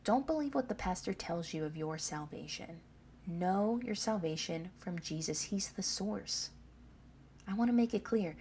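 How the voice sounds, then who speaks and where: A woman's voice: lowish voice, lively intonation, a little slow, a little mellow, a little hiss or hum. A woman preaching a sermon, reading scripture aloud and pressing her points with repeated questions to the listeners. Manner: emphatic, asks the listeners "Amen?".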